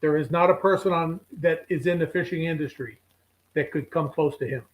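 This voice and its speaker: An older man, a regular guest telling animated stories in casual chat and voicing the people in them. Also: on the high side, fairly quick, poor audio. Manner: animated storyteller who voices the people in his stories. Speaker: regular guest on a fishing show.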